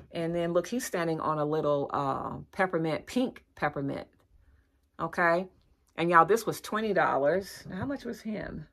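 A woman's voice: lowish voice, vocal fry. Chatty woman showing off a haul. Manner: chatty, addresses viewers as y'all, gushing exclamations. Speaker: lifestyle vlogger. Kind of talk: casual haul video chat.

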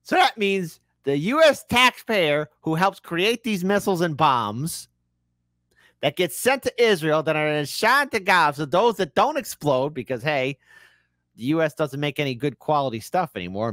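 Lively, mocking streamer man. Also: a little high, moderate pace, no echo, clean studio sound. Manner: mocking, laughing, reads chat aloud. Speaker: streamer reacting to a debate clip. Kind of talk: casual live-stream commentary.

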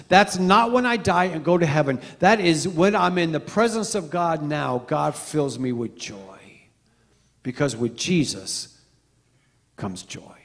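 Gravelly middle-aged pastor in a reverberant church. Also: male voice, fairly high pitch, takes it slowly. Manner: storytelling, animated swings from loud to hushed. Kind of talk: sermon. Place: church sanctuary.

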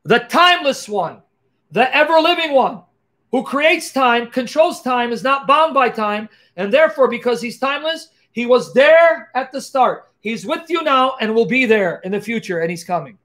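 A man giving an animated apologetics teaching, emphatic and full of rhetorical questions, punctuating points with exclamations. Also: very high voice, moderate pace. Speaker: Christian apologist.

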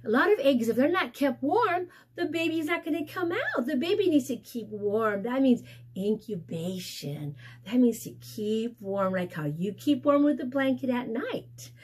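A woman's voice: lively intonation, unhurried, a little mellow, breathy edge. Woman teacher reading to little kids, huskyish, super swoopy sing-song voice, asks stuff + cheers them on. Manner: sing-song, questioning and praising an unseen child audience; playful animal sounds and exaggerated pitch swoops. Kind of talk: reading a storybook lesson to young children.

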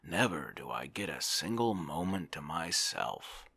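A man's voice: rumbling low, big pitch swings, unhurried, creaky, sharp tone, breathy edge, no echo, exaggerated voice. A man voicing an overworked male civil servant in a whispered role-play, complaining and self-important. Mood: harried.

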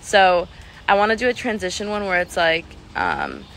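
A woman's voice: on the low side, wildly swooping pitch, moderate pace, fairly bright tone, a little hiss or hum, rough recording. A woman singer chatting casually with fans on a phone live stream from home, rambling with lots of "like" fillers and giggles.

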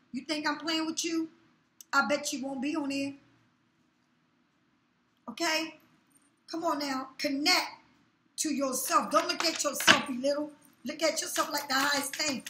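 Blunt, profane woman with a high voice. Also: sharp tone, slight background noise. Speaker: tarot reader. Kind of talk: casual tarot reading monologue. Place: room in her new home. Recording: echoey room.

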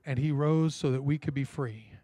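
A man's voice: mid-range voice, steady tone, moderate pace, dark tone, dry recording. A man, a pastor, giving a sermon in a conversational storytelling way and often checking in with the congregation. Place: church.

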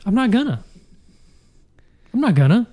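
A man's voice: sits high, big pitch swings, normal speed, dark tone. A man co-hosting a podcast in casual chat, blunt and exasperated, swearing often. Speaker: podcast co-host.

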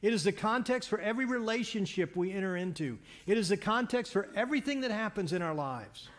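High-voiced pastor preaching a sermon. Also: male voice, lively intonation, brisk, a bit bright. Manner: storytelling, conversational with frequent restarts. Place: church.

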